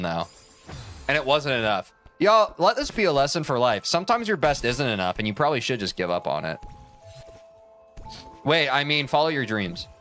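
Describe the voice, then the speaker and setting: Playing a platform game on stream, this man has a mid-range, fairly bright voice. He jokes and rambles to his chat in casual commentary, often poking fun at himself.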